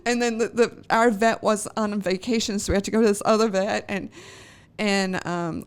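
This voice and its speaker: A middle-aged woman tells a personal story on her podcast. She rambles and restarts, laughing through the emotion, in a voice of ordinary pitch for a woman. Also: fairly even intonation, moderate pace. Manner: emotional, laughs often, many fillers and restarts. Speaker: podcast host. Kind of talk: casual storytelling.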